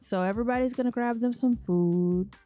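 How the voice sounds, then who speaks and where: A woman's voice: fairly high pitch, fairly quick, mellow, faint music behind. A woman casually commenting on her gameplay in a chatty way, talking to her characters as she plays. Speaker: let's play host.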